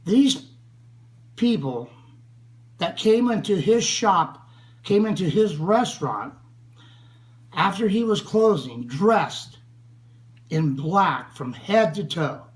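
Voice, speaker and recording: Slow, grieving older man. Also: high voice, very animated, poor audio. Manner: earnest and grieving, with long pauses. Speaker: friend speaking about a slain friend. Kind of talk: spoken tribute.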